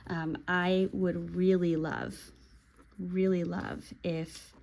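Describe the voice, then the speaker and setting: Chatty woman with a lowish voice. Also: a little hiss or hum. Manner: chatty and relaxed, with pauses while writing. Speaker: pen and planner video creator. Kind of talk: casual vlog talk while writing.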